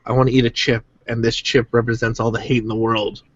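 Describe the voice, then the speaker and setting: A man's voice: medium pitch, level tone, fast talker, no room sound, highs cut off. A man co-hosting a casual podcast chat, making his points in an emphatic, argumentative way. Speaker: podcast co-host.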